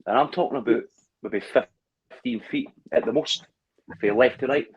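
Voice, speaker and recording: A Scottish man co-hosting a livestream over a phone, telling animated stories and laughing often. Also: medium pitch, moderate pace, breathy edge, dull audio. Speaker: livestream co-host. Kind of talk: casual chat.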